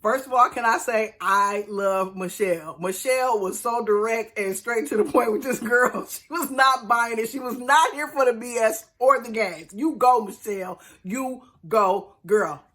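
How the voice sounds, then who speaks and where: Sassy lady doing a casual tv recap, bright voice, acts out what folks said. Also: a little high, a little slow, hardly any pauses. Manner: chatty, sassy, acts out the cast's quotes. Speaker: reality TV reviewer.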